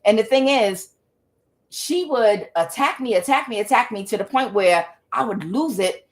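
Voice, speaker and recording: A woman's voice: a little high, expressive, normal speed. Blunt, emphatic woman telling a story. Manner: repeats words for emphasis. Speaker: tarot reader. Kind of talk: casual spoken monologue.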